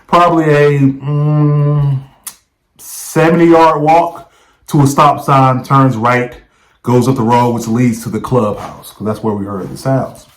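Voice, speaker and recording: A man's voice: medium pitch, steady tone, a little slow, poor audio. Casual man telling a story to camera. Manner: conversational, checks in with the viewer by asking "right?". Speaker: vlogger. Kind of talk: casual first-person storytelling.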